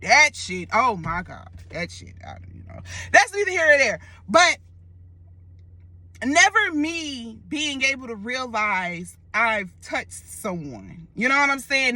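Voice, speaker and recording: A young woman casually retelling a dream in a vlog, expressive and loose, full of slang and swearing. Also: fairly high pitch, takes it slowly, no echo. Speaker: storyteller vlogger.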